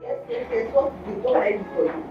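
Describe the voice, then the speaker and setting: A woman's voice: fairly high pitch, wildly swooping pitch, fast, muffled recording, over music. An actress playing an angry, dismissive young woman shopkeeper with a Nigerian accent, in a film drama. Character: fed-up young woman shopkeeper, sharp-tongued.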